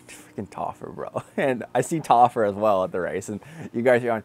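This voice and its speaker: A young man, a triathlete, telling his race story in a casual, excited way, laughing often and swearing now and then. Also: lowish voice, moderate pace.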